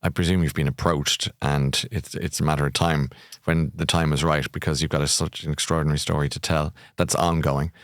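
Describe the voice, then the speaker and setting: A middle-aged Irish man hosts the interview in an encouraging, affirming way and slips in quick jokes. His voice is very deep, and the sound is close and dry. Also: level tone, fairly bright tone, no echo. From Ireland. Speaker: podcast host. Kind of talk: conversational interview.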